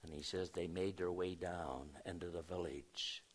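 A man preaching a sermon as a pastor, telling a story in a storytelling way, hushing his voice and then rising for emphasis. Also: sits low, fairly even intonation, normal speed.

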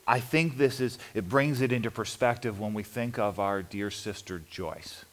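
Male pastor, lowish voice, earnest funeral sermon, soft hushed drops. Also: moderate pace. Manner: earnest, drops to soft low tones, sudden high cries.

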